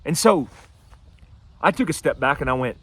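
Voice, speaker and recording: A man telling a personal story to camera outdoors, casual and animated, acting out what people said. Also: fairly high pitch, normal speed, breathy edge. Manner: animated, acts out quotes in a raised voice. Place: outdoors by his house and driveway.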